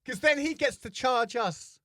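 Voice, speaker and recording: A man co-hosting a comedy podcast, telling an anecdote in a casual, animated way and acting out the people in it. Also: very high voice, measured pace, noisy background. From England. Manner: animated, acts out voices in anecdotes. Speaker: podcast co-host.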